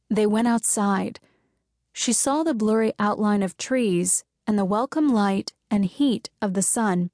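A woman narrating a contemporary romance audiobook in a measured storytelling voice. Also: mid-range voice, darkish tone, no echo, clean studio sound. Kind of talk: scripted narration.

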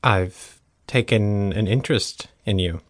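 A male audiobook narrator voicing a smug, calm young man who speaks in a smooth, easy, unbothered tone. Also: on the low side, unhurried, no room sound, studio quality.

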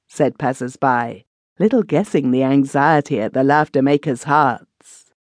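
A woman narrating a classic story as an audiobook narrator, measured and expressive. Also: very deep voice, no room sound, studio quality. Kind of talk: scripted narration.

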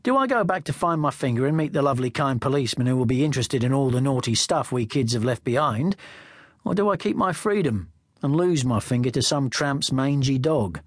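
A man's voice: medium pitch, animated, fairly quick, dry recording, studio quality. A man reading a teen novel in the first person, with a wry, conversational manner. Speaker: audiobook narrator. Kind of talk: first-person audiobook narration.

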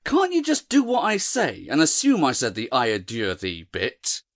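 Fed-up young man, grumbling master of a demon, very lively swings in pitch, dry close sound, voiced by a woman narrator. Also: moderate pace, no echo, heavily acted. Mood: exasperated. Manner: exasperated, grumbling.

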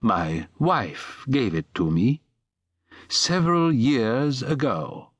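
A man doing a halting, careful stranger. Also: medium pitch, very animated, no echo, voice pushed up. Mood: nervous. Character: strange, hesitant man from afar.

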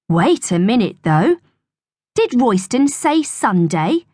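A woman narrating a children's audiobook with expressive, storytelling delivery. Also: on the high side, slow pace, slightly rough, no echo, clean studio sound.

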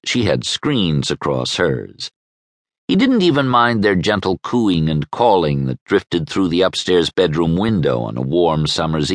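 A man narrating an audiobook with wry, expressive storytelling. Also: low-pitched, no room sound. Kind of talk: scripted narration. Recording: dry studio sound.

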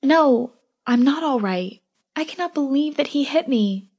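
A woman doing a shaken young woman whose voice rides high and strained. Her timbre shifts from the reader's usual tone. It is an audiobook character. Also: lively intonation, a little slow, a little mellow. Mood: distraught. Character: shaken young woman, a hurt and tearful friend.

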